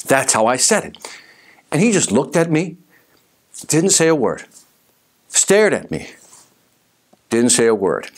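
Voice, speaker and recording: A man telling a personal sales story as host of his own series, in an emphatic, animated storytelling manner. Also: mid-range voice, measured pace, long pauses. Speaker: sales speaker. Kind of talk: storytelling monologue.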